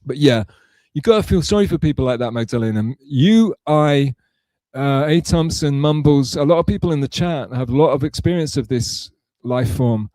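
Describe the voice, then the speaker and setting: A man's voice: a little high, moderate pace, warm tone, dry recording. A man streaming live, reading chat messages aloud and answering in a rambling, sarcastic way with many restarts.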